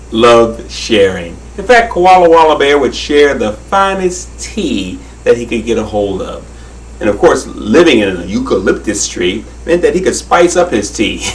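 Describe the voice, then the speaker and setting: A man's voice: medium pitch, far from the mic, low-quality recording. Man, magician host, kids' TV patter, friendly and instructive, a bit off-mic, faint hum behind. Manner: friendly, instructive, talks straight to viewers. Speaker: magician host of a children's show. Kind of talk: children's TV magic show patter.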